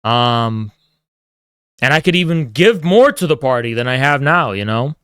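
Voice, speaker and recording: On his livestream, this male host launches into a casual rant packed with swearing and mock-grandiose taunts. The mid-range voice is expressive, smooth and a bit bright, moving at a moderate pace in a dry, clean studio recording.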